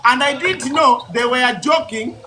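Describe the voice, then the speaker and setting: A man's voice: very high voice, unhurried, sharp tone, a little hiss or hum. A man hosting a barista channel, defending himself and explaining with examples in a heated live debate over a video call.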